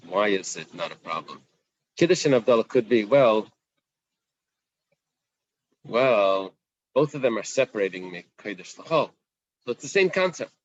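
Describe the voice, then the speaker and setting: A man's voice: fairly low pitch, highs cut off. A man teaching a casual Talmud class, talking things through and acting out the questions in the text. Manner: conversational, animated, acts out the Gemara's questions.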